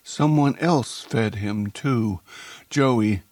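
A calculating crime boss, as a male narrator plays him, who talks in a measured, coolly polite manner. His voice is lifted above the narrator's own and has a faint huskiness. The recording is dry and close. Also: medium pitch, darkish tone, no room sound, voice pushed up.

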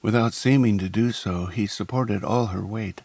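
A man narrating a first-person story in a measured, descriptive way. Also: lowish voice, a little mellow, husky, no room sound.

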